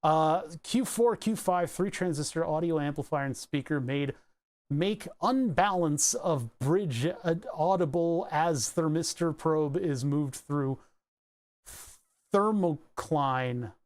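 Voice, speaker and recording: A man with a slightly higher voice, chatting casually on a live stream. He reads short excerpts aloud and muses over them as he goes, dropping in the odd casual swear. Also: animated, slow, darkish tone. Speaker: livestreamer. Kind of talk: casual livestream chat, reading aloud.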